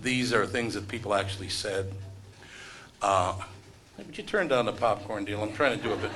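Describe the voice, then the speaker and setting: Middle-aged male radio host, live-event emcee, bright forceful tone, dry sarcastic humor. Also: on the low side, brisk. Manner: wry, sarcastic asides and self-deprecating jokes. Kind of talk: live stage emceeing, joking with the audience. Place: event room before a live audience.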